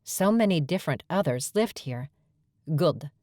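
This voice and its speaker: A woman narrating a first-person romance audiobook with clear, steady storytelling. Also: low-pitched, moderate pace, no echo, clean studio sound.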